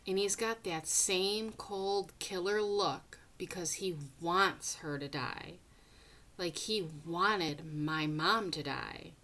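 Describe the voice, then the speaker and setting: A woman reading a first-person novel aloud, with dramatic delivery that drops into hushed whispers at tense moments. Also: fairly low pitch, slow. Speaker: audiobook reader.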